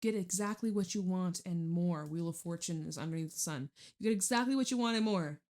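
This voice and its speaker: Woman, tarot reader, relaxed chatty delivery with low-ish pitch, laughs and curses casually. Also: a little fast.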